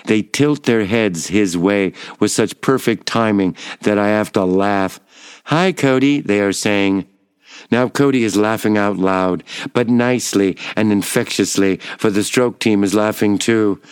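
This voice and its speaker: A man giving a measured, wry first-person reading of a personal memoir. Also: fairly low pitch, clear, resonant tone, dry recording, studio quality.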